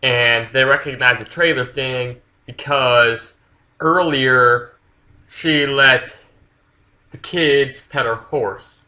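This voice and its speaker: Young-sounding guy, very bright, edgy voice, loose rambling plot recap full of fillers and swearing. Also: medium pitch, steady tone, slow pace, low-quality recording. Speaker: book reviewer. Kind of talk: casual plot retelling.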